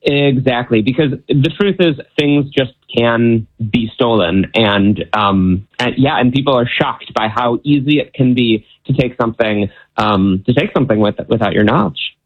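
A male guest heard over a slightly muffled, lo-fi remote line. He speaks at an even, middle pitch, relaxed and explanatory, with a dry, self-amused touch. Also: normal speed, hardly any pauses. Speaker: guest magician. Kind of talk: casual interview answers.

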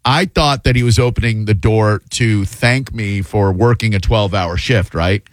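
A fill-in talk radio host in his fifties speaks in a fairly low voice. He drifts through casual, self-mocking anecdotes, leaning on fillers and restarts. The studio sound is close and dry. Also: normal speed, no room sound. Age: 50s. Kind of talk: casual radio chat and storytelling. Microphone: studio broadcast mic.

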